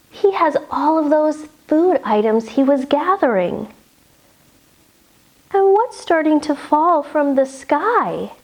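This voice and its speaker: A woman leading a children's yoga storytime, guiding gently and playfully. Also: sits high. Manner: gentle, playful, slow sing-song guiding. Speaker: kids' yoga story teacher.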